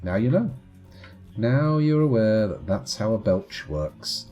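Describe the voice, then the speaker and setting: A man's voice: lowish voice, wildly swooping pitch, measured pace, a little mellow, soft background music. A man streaming live gameplay commentary in a playful, chatty, self-mocking way.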